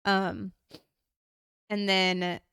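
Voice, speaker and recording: A woman co-hosting a podcast, telling a story in a casual, animated way and quoting what people said. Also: mid-range voice, extremely slow, clean tone, dry recording. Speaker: podcast co-host. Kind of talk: casual chat.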